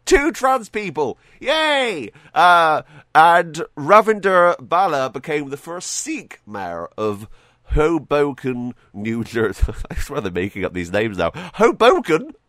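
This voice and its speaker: Slow and sing-song, a man with a slightly high, fairly bright voice hosts his own podcast with no room sound. His casual solo commentary is full of jokes and laughter, and he often trips over repeated words.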